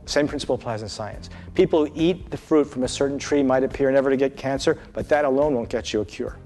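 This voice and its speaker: A man teaching as a test-prep tutor, explaining in a measured, scripted way and reading out answer choices. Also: a little high, a little mellow. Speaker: SAT tutor.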